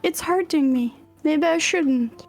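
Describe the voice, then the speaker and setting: A woman voicing a timid young woman who hesitates and pleads in a higher voice. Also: takes it slowly, darkish tone, soft background music. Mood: hesitant.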